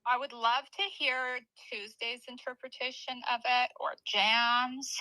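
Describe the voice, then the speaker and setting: A woman co-hosting a live stream, asking quick questions and reading out chat comments. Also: fairly high pitch, level tone, pushed and bright, no echo, low-quality recording. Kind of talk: casual chat.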